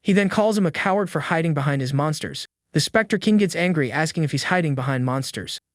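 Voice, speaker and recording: A man with a slightly higher voice reads a comic recap as scripted narration. His delivery is steady and even, and it sounds dry and close, with no room echo around it. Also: brisk.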